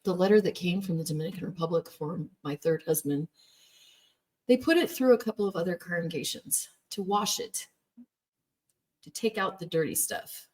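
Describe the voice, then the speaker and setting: A woman's voice: lowish voice, moderate pace, darkish tone. A woman telling her personal story in an emphatic, emotional way, recounting hard years with the odd laugh. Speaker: former Jehovah's Witness telling her story.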